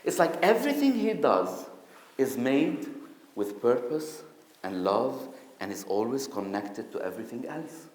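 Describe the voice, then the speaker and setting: Animated storytelling man in an echoey hall. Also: medium pitch, measured pace. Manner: animated, acts out voices with sudden loud outbursts. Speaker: conference speaker. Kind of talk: personal storytelling talk. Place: conference hall.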